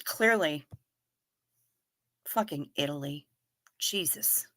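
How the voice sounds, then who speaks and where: A woman hosts a live stream and chats with her viewers in an unhurried, drawn-out way, reading their comments aloud. Her voice is bright and forward, and her delivery is wry and loose, with casual swearing and frequent giggles. The sound is dry and close, with no room echo. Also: medium pitch, lively intonation.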